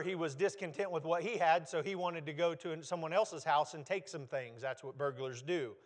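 Higher-voiced man preaching a sermon. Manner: emphatic preaching, rising in force; reads scripture in slow measured tones. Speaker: pastor.

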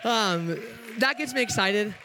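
A young man with a notably high voice delivers a church sermon as a youth pastor. He is bubbly and hyper, cracking jokes with the congregation and working to keep his pace in check. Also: expressive, sharp tone, a little hiss or hum. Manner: hyper, upbeat and joking, trying to slow down. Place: church sanctuary.

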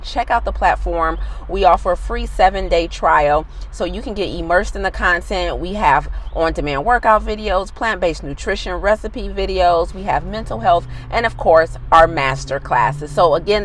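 A woman's voice: lowish voice, slight background noise, rough recording. Upbeat woman hosting a podcast. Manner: upbeat, promotional intro then chatty and laughing. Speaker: podcast host and founder. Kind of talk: casual podcast chat.

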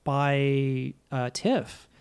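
A man co-hosting a podcast who rambles as he talks and laughs easily. His voice sits at an ordinary pitch for a man. He is chatting casually with friends. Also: extremely slow, a little mellow, smooth. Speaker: podcast co-host. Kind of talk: casual chat.

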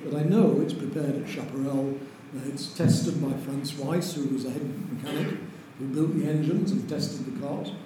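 An older man, telling lively anecdotes as an interview guest and chuckling through them. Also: mid-range voice, normal speed, few pauses. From Lancashire, England. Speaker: interview guest, racing driver. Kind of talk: anecdotal storytelling. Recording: very echoey room with faint noise.

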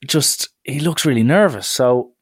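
A young man, casually telling a story from his college days in a lively, chatty way full of filler words. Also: medium pitch, measured pace, slightly rough.

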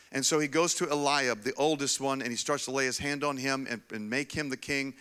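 A man preaching a sermon, telling a Bible story in a casual, animated way with frequent restarts. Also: medium pitch, fairly quick, few pauses, clean tone. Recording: long hall reverb.

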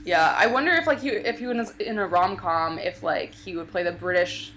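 A woman's voice: fairly low pitch, normal speed, a bit bright, soft background music. A young woman chatting casually as a podcast co-host. She talks with lots of fillers and playful asides. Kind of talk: casual chat.

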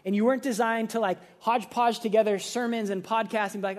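A young man preaching a casual sermon, animated and conversational, acting out playful quotes. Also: sits high, fast, hardly any pauses. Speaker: pastor.

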